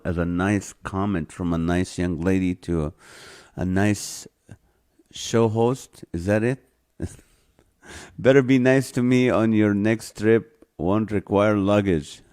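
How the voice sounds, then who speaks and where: Guy hosting a live stream, reads comments out slow, lots of chuckles, lowish voice. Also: darkish tone. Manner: chuckling often, reading comments aloud. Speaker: live show host. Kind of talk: casual live-stream chat reading viewer comments.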